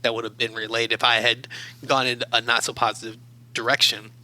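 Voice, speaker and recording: A man from Baltimore speaks as an interview guest in a calm, measured way. His tone is strikingly bright and sharp-edged, at a middle pitch. He tells his stories thoughtfully and steadily. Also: low-quality recording. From Baltimore, USA. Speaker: guest, academic adviser. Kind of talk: reflective interview storytelling.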